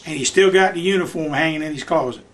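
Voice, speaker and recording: A man's voice: fairly high pitch, fast. An older man telling folksy stories about coaching youth baseball, at home in his living room. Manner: folksy Southern storyteller, acts out voices in his anecdotes. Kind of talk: storytelling in a home visit.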